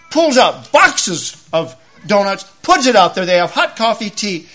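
A man, preaching a sermon in a folksy, animated storytelling way. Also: very high voice. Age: 50s. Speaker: lay preacher.

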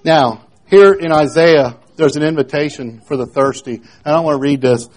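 A man preaching a sermon in a plain, homely way, dropping to quiet questions and rising loud when reading scripture. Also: a little high, normal speed, poor audio. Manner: homely, plain-spoken with repeated phrases.

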